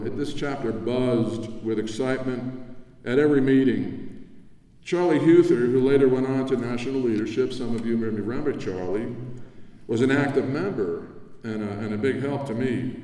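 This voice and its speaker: Older man speaking from afar in an echoing hall. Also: mid-range voice. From New Jersey. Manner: warm, reminiscing, conversational with asides. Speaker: award recipient giving acceptance speech. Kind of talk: acceptance speech at a convention. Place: large convention hall. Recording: echoey hall from far off.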